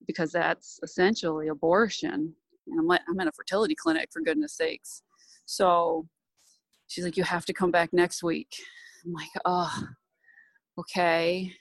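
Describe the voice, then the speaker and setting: A woman's voice: deep voice, no room sound, low-quality recording. A woman in her thirties candidly telling a painful personal story, tearful at times, recorded at an airport. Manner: candid, emotional, laughs through tears.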